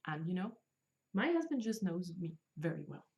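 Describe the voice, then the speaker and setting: Woman in her 30s chatting on her craft podcast, gushy and jokey, kinda low voice. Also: big pitch swings, moderate pace, darkish tone. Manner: chatty, enthusiastic, self-deprecating jokes. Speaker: podcast host. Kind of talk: casual chat.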